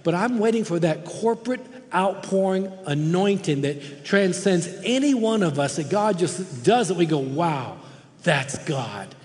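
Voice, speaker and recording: Man, high voice, preaching a sermon, emphatic and impassioned, long hall reverb. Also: expressive, moderate pace, hardly any pauses, darkish tone. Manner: impassioned, emphatic, repeats words for stress. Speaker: guest preacher. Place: church sanctuary.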